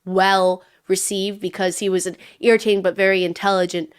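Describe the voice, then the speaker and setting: A woman's voice: mid-range voice, level tone, brisk, clear, resonant tone. A woman co-hosting a casual book-club chat, musing aloud and restarting her thoughts as she goes. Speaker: podcast co-host.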